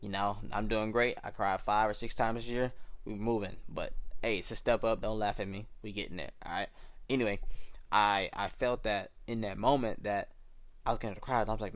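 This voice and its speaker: A young man with a fairly low voice tells his faith story in a loose, slangy, reflective way. The sound is dry and close, with no room around him. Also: fairly even intonation, normal speed, no room sound. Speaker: podcast host sharing his testimony. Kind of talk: casual personal storytelling.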